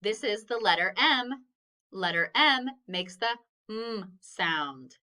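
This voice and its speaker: Slow, bright-voiced phonics teacher woman. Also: medium pitch, animated. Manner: patient, encouraging, sounds out each letter. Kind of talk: slow phonics lesson for children.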